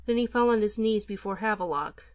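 Woman reading an old legend audiobook, steady mid voice, kinda muffled lo-fi. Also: medium pitch, brisk, no room sound. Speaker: audiobook narrator. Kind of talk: scripted narration of a folk tale.

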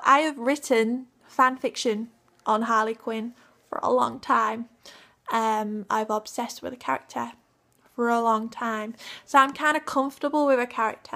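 A young woman from Hull, Yorkshire, England, a cosplayer and vlogger with a Yorkshire accent, chats casually in a vlog. Her voice is on the high side with a fairly bright tone, and she giggles and rambles, using many fillers.

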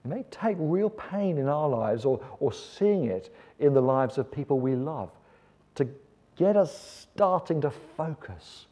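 A man's voice: fairly high pitch, expressive, unhurried, warm tone. An Englishman giving a sermon-style seminar talk, conversational with rhetorical questions and wry asides. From England. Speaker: seminar speaker.

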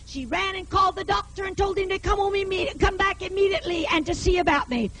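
A woman evangelist with a very high, bright, cutting voice tells her healing testimony to an audience. Her preaching is emphatic and often swells into shouting. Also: a little fast, soft background music, poor audio.

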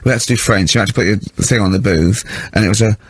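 A man co-hosting a radio show, chatting casually and telling animated stories in which he mimics people. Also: lowish voice, fast talker, slightly rough, no echo. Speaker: radio co-host.

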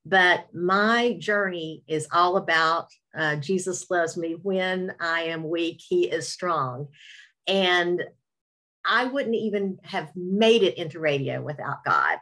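A woman's voice: lowish voice, a little slow, fairly bright tone. A middle-aged woman with an Appalachian Southern accent tells her story on a webinar, with self-deprecating humor and talk of her faith. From Virginia, USA. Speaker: radio host, webinar speaker. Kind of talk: personal testimony talk. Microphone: webinar video call.

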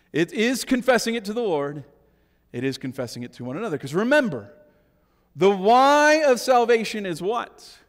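A middle-aged male pastor with a notably high voice delivers a sermon. He drops to quiet, intimate asides and then lifts into forceful declarations, often turning to the congregation for agreement. His voice rings with a long reverb through the church sanctuary. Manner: swings between hushed asides and emphatic raised lines, keeps asking "right?".

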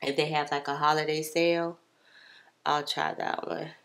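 A woman's voice: sits low, moderate pace, creaky. A woman with a stuffy, congested voice chatting casually to her viewers while she narrates a makeup tutorial voiceover. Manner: chatty, relaxed, addresses viewers as y'all. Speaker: beauty vlogger.

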